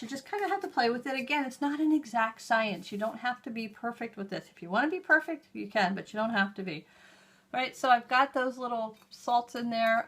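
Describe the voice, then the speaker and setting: A woman's voice: medium pitch, a bit bright. Chatty woman demonstrating a craft. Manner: chatty, homey, step-by-step explaining while working. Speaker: host. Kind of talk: hands-on how-to demonstration.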